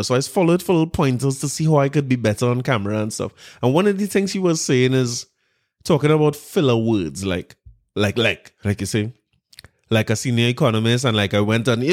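A man's voice: medium pitch, darkish tone. A man with a Trinidadian accent giving casual political commentary, mocking, laughing often and repeating words as he talks.

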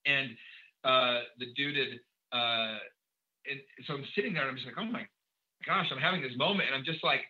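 A man, a guest on a podcast, telling a personal story in a quick, animated way, full of fillers and acted-out dialogue. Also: mid-range voice, lo-fi sound.

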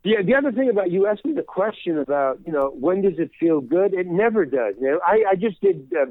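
A man's voice: high voice, very animated, a little fast, no room sound. An older man, a guest actor, chatting casually in an interview and rambling with many restarts. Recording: tinny phone line.

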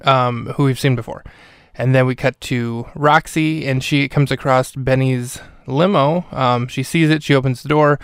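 Clear-voiced podcast host recapping a film. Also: male voice, medium pitch, steady tone, normal speed, hardly any pauses, no echo, clean studio sound. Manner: chatty, wry, mock-serious ad voice. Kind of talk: casual episode recap and mock ad read.

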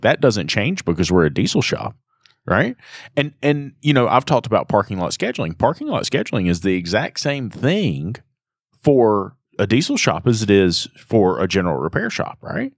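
Lively low-voiced man explaining shop numbers. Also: breathy edge, dry recording, clean studio sound. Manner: explains by asking "right?" after points. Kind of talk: casual business chat.

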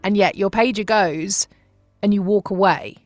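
A woman hosting a podcast, who asks questions and reads the credits in a clear, measured way. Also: mid-range voice, no echo, clean studio sound, soft background music. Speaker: podcast host. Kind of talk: interview questions and scripted credits.

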